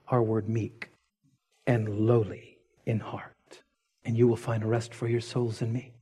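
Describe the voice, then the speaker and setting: A man preaching a sermon as pastor, retelling stories dramatically and dropping to hushed intensity. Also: medium pitch, slightly rough.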